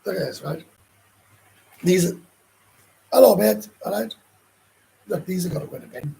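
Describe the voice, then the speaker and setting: A gruff Welsh man hosting a livestream, his fairly high voice rough and gravelly. He rambles bluntly through viewer comments in casual chat, swearing often and restarting sentences. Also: expressive, normal speed, dark tone, poor audio. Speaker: livestream host.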